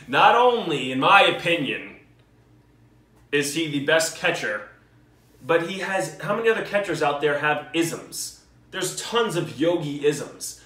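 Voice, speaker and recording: A man's voice: on the high side, fairly bright tone. A man, joking and cursing as he talks through his picks in a casual video response. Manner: joking, swearing, enthusiastic banter. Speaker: vlogger. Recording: roomy echo, mic at a distance.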